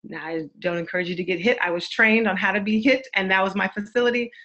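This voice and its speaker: A woman's voice: medium pitch, steady tone, fast talker, a bit bright, dull audio. A woman therapist giving an earnest, affirming webinar talk, with many repeated phrases. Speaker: therapist and church speaker. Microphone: webinar microphone.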